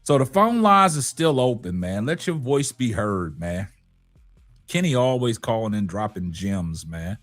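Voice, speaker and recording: A man's voice: on the low side, sing-song, unhurried, a bit bright, soft background music. A man in his forties hosting a casual late-night live show, laid-back and chatty, tagging "man" onto his lines.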